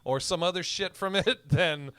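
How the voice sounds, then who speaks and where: A man's voice: high-pitched, normal speed, pushed and bright, clean tone, dry recording. A man co-hosting a podcast, chatting casually, swearing freely and acting out little scenes with laughs. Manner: swearing, laughing, acts out voices in anecdotes. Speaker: podcast co-host. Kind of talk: casual chat.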